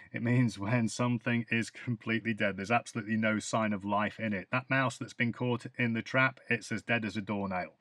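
A man's voice: mid-range voice, a bit bright, dry recording. A man with a British accent, teaching English phrases in a podcast lesson and explaining each one with example sentences.

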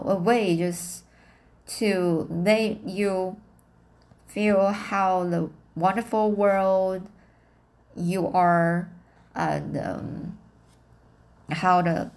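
A woman reading a novel aloud as an amateur audiobook, halting and self-correcting as she practices her English. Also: fairly low pitch, steady tone, a little mellow. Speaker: reader of a novel.

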